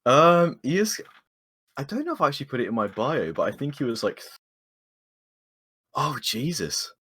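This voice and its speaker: A man's voice: medium pitch, big pitch swings, normal speed, fairly bright tone, slightly rough. A man, a player in a tabletop game, talking casually with swearing and hesitant fillers. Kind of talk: casual chat while playing a tabletop game.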